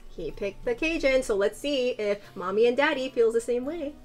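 Excitable young woman chatting over fast food. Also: a little high, soft background music. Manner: excitable, chatty, restarts often. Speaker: vlogger host. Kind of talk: casual mukbang vlog chat.

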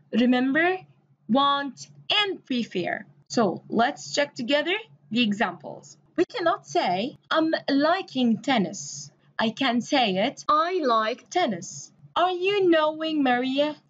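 A woman's voice: high-pitched, highs cut off. A woman from Egypt, an English teacher giving a recorded grammar lesson, explaining step by step and spelling words out letter by letter.

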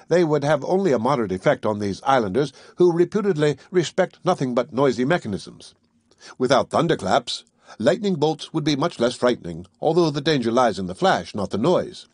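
A man reading a classic novel aloud in a measured first-person storytelling manner. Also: medium pitch, breathy edge, no echo, studio quality. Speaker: audiobook narrator. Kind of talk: scripted audiobook narration.

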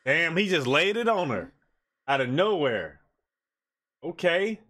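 Lively, excitable man reacting to anime. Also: on the high side, normal speed. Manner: excitable, slangy, laughs often. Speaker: anime reaction channel host. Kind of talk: casual reaction commentary.

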